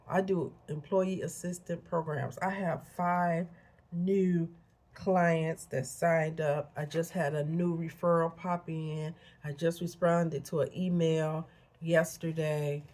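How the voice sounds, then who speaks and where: Earnest, slightly husky woman vlogger. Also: lowish voice, a little mellow. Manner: earnest, preachy, direct address to viewers. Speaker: motivational vlogger. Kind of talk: casual motivational talk to camera.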